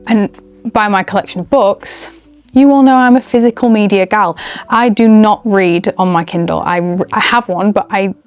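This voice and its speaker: A woman's voice: mid-range voice, moderate pace, clean tone. Young woman vlogger, mid-range voice, rambling enthusiastic chat with faint music underneath. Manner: chatty, rambling, self-interrupting, enthusiastic. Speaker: book and haul vlogger. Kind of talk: casual chat to camera.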